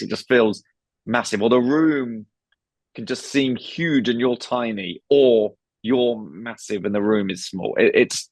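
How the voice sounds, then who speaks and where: A man's voice: on the low side, no echo. A British man, a comedian guest, chatting casually on a podcast with frequent stammered restarts. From United Kingdom. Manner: stammering restarts, acts out voices.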